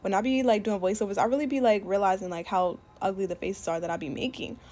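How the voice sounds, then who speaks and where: A young woman giving a casual voice-over for a wig tutorial, talking fast and packing in "like" and other fillers. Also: medium pitch, steady tone, mellow. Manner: chatty, fast, many "like" fillers. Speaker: beauty YouTuber. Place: home, voice-over recorded separately.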